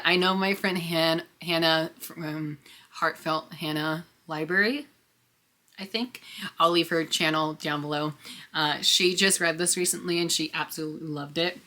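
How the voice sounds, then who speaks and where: A young woman chatting excitedly in a casual book haul vlog, with frequent little laughs. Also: fairly low pitch, a little slow. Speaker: book vlogger.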